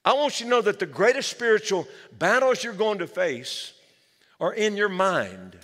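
A man's voice: sits high, big pitch swings, moderate pace, a bit bright. A man preaching a sermon as pastor, with energy, calling the church for amens. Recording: long hall reverb.

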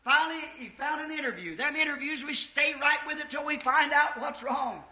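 A man preaching an impassioned revival sermon in a church, rising to shouts at the peaks. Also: extremely high pitch, brisk. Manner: impassioned, shouting at peaks, old-time Southern US preaching cadence. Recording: echoey church, dull 1950s tape.

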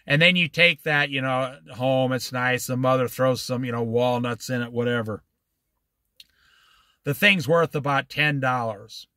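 Recorded at studio quality with no room sound, a mid-range middle-aged male voice leads an informal Bible study. Folksy and animated, he tells stories with slow, emphatic stresses.

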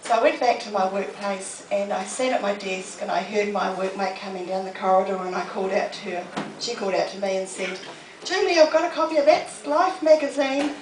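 A woman's voice: mid-range voice, level tone, a little fast, slight background noise. A middle-aged woman, giving a humorous, self-deprecating storytelling talk to an audience. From New Zealand. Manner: humorous, self-deprecating anecdotes with acted quotes. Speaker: motivational speaker. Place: public library talk room. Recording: echoey room, mic from a distance.

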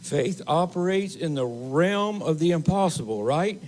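A man preaching a sermon as assistant pastor in a church, slow and emphatic, with repeated phrases and pauses. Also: on the high side, expressive, a little mellow, slight background noise, poor audio. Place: church sanctuary.

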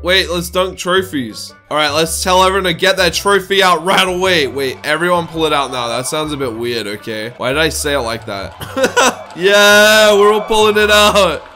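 A young man doing casual, joking gameplay commentary as a gaming YouTuber, full of quick asides. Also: a little high, bright, forceful tone. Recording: music playing behind.

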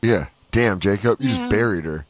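A man's voice: lowish voice, moderate pace, a little hiss or hum. A man co-hosting a live radio comedy show, riffing and swearing in casual banter. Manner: lively, riffing, crude jokes.

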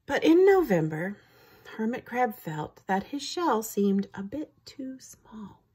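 A woman reads a children's picture book aloud, slow and unhurried. Her voice swoops in a lively, singsong way and has a slightly breathy quality. She keeps pausing to ask the young listeners questions. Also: on the high side. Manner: engaging, asks the listeners questions. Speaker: teacher reading to children.

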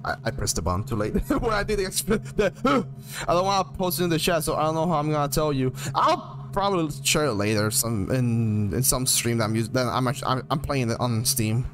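A man streaming a video game live, chatting excitably to his viewers with lots of laughs and stumbling restarts. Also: medium pitch, a little fast. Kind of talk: livestream gaming commentary. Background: game music.

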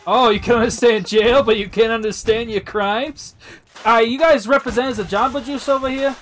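A man streaming an online game, joking loudly and yelling in comedic role-play chat. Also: very high voice, fairly even intonation, a little fast. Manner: loud, joking, often yelling.

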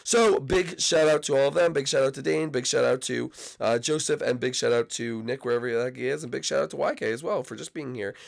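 A man with a cold hosting excitable, rambling gameplay commentary. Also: mid-range voice, brisk, vocal fry, hardly any pauses. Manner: excitable, rambling, shouts out to friends. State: sick, coughing. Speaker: YouTube gaming host.

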